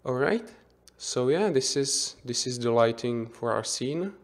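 A man giving an unscripted software tutorial as instructor, thinking aloud with frequent restarts and self-corrections. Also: mid-range voice, expressive, unhurried. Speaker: 3D visualization instructor.

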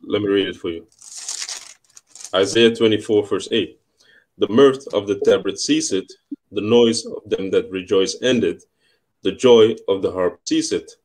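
A man co-hosting a casual live stream, chatting in a relaxed way and reading Bible verses aloud steadily. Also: lowish voice, unhurried, long pauses. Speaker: co-host reading scripture.

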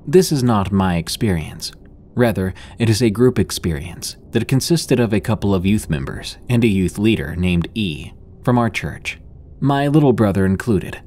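A man reading a listener's scary story aloud in a calm, measured narration. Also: on the low side. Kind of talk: scripted narration.

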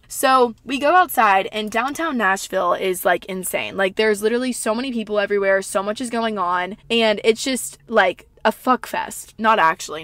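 A young woman from the American South hosting a podcast, telling a long story in a rambling, profane way full of "like". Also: medium pitch. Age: young adult. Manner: rambling, filler-heavy, profane and animated. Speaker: podcast host. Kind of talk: casual storytelling.

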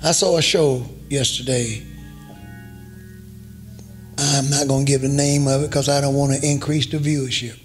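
A male preacher delivering a sermon in an emphatic, repetitive way that rises to shouts. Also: medium pitch, fairly even intonation, moderate pace, long pauses, faint music behind.

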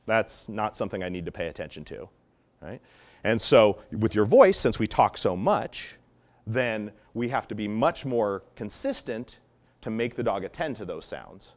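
Speaking at a moderate pace with a fairly low pitch, a man gives an animated lesson on dog training techniques. He acts out the tones of voice he's describing as he teaches.

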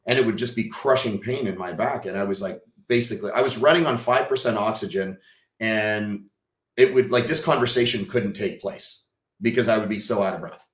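A man from Texas, a podcast guest, telling a personal story in an animated way, casually swearing and acting out what people said. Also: fairly low pitch, a little fast, echoey room.

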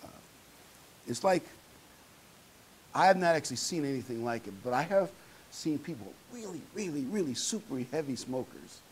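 Male preacher, folksy and chatty, pitch rising and falling, faint hiss behind. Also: expressive, normal speed, long pauses, low-quality recording. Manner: conversational, folksy preaching with fillers. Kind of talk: sermon.

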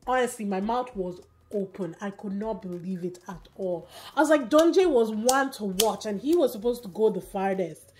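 A woman giving a casual, animated recap of a competition show, telling the story quickly with fillers and quick asides. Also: medium pitch. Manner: animated, fast storytelling with fillers and acted quotes. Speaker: recap vlogger.

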